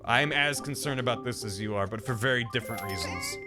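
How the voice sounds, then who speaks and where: Over background music, a man streams a video game, rambling and cracking jokes about whatever happens on screen. His mid-range voice is animated and fast, riffing on the game in casual commentary.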